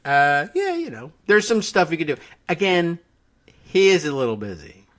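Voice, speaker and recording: A man's voice: fairly high pitch, huge pitch swings, moderate pace, fairly bright tone. A man co-hosting a political talk show, chatting casually and often trailing off with short agreements. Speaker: co-host.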